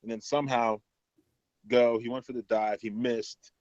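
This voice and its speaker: Man of middle pitch, casual rambling co-host; muffled lo-fi, dry recording. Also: level tone, normal speed, a little mellow, no room sound. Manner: rambling, filler-heavy recapping with laughs. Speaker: podcast co-host. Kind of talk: casual chat.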